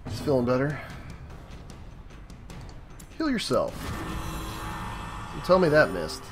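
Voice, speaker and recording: A man hosting a let's play, giving casual gameplay commentary and swearing loudly at setbacks. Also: mid-range voice, huge pitch swings, slow pace, over music.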